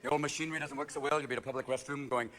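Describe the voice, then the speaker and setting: A man in his fifties performing stand-up comedy, switching manically between voices and bursting into shouts. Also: mid-range voice, fairly even intonation, very fast. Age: 50s. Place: theater stage before a laughing audience. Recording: live theater recording with audience noise.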